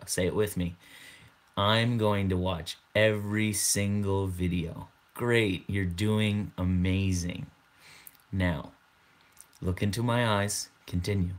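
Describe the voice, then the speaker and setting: A young man in his twenties playing a mock stage hypnotist who gives slow, hushed, drawn-out commands. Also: low-pitched. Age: 20s.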